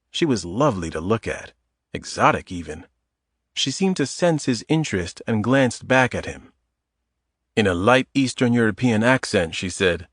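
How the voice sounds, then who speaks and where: A man narrating an audiobook thriller in a steady, measured way. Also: lowish voice, dry recording, clean studio sound. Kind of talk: scripted narration.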